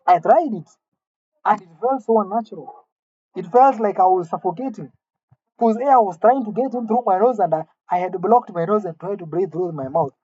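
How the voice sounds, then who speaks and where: A woman delivering a mock-serious comic rant, indignant and halting, often repeating her words. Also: mid-range voice, warm tone, highs cut off, a little hiss or hum. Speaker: comedic vlogger.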